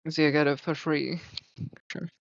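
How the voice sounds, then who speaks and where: A man's voice: fairly high pitch, little pitch movement, normal speed, vocal fry, no room sound, highs cut off. A man with a Swedish accent chatting casually, hesitant and full of fillers, a little self-deprecating. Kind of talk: casual chat.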